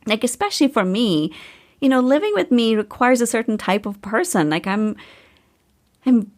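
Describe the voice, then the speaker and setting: A middle-aged woman, a podcast host and coach, telling a personal story in a chatty, animated way and laughing often. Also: moderate pace. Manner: chatty, animated, laughs often, pitch jumps up when excited.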